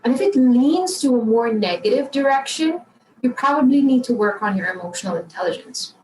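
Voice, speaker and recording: A woman's voice: fairly high pitch, brisk. Woman coach with a distant, roomy sound. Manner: calm, encouraging, repeats affirmations. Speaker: emotional intelligence coach, guest. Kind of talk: podcast interview answer. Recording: roomy, distant mic, faint background noise.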